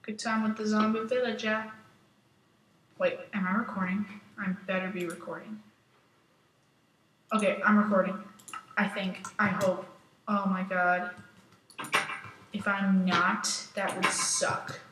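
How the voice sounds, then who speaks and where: A woman's voice: mid-range voice, level tone, a little slow, long pauses, slight background noise. A woman chatting casually to herself and her viewers while playing a block-building game. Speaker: Minecraft let's-play host. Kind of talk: casual gameplay commentary. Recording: roomy, distant mic. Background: loud game music.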